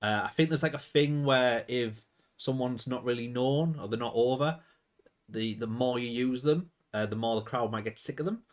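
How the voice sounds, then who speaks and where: A man's voice: medium pitch, moderate pace. A man giving casual, chatty commentary on his management game, rambling and thinking aloud.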